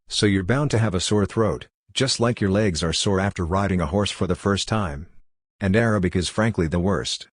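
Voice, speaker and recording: A brisk young doctor lectures in a matter-of-fact, clinical tone, read by a man. The voice sits very low, and the recording is dry and close with no room around it. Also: no echo.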